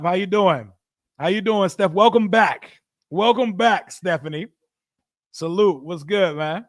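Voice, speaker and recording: Guy streaming a football watch party, cussing and joking, bit high voice, real dry sound. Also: unhurried, dry recording. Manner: loose, profane, joking, reads chat aloud. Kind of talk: casual live reaction and play-by-play.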